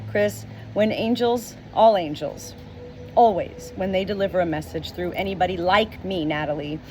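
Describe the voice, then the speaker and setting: A middle-aged woman speaking as a spiritual medium, slow and emotional, often repeating words, tearful at times. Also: on the low side, darkish tone. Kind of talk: channeled message video. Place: outdoors with roosters nearby. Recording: roosters and outdoor noise behind.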